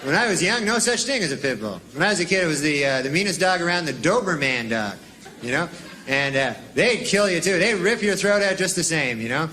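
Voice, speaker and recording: A man doing a stand-up routine in a rambling, deadpan way, padded with "you know". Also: fairly high pitch, a little fast, a little hiss or hum. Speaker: stand-up comedian.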